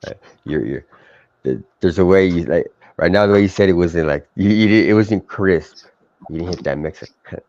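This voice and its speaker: A man with a deep voice chats in loose, profane banter, stumbling through restarts and fillers. The sound is dry and muffled, like cheap stream audio. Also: moderate pace, darkish tone, dry recording. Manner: rambling, profane, many restarts. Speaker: live stream co-host. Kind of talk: casual crude banter.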